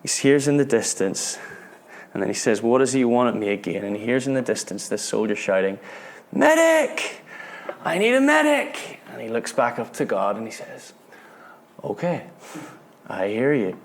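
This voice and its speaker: A British man preaching a sermon, retelling a story with earnest feeling, often repeating words and dropping to a hush at tense moments. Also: on the low side, brisk, vocal fry, slight background noise. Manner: earnest, repeats words, drops to hushed tones at dramatic moments.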